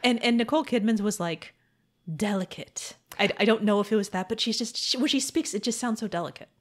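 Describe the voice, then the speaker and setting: A woman's voice: a little high, a little fast. A woman co-hosting a podcast in casual movie chat, rambling and acting out her own reactions. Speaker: podcast co-host.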